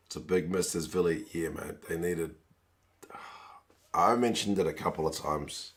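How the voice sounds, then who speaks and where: A low-voiced man hosts a live watch-along stream, answering viewers by name in a loose, chatty way. His voice is hoarse and rough, close to giving out. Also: moderate pace. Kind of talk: live stream chat reading viewer comments.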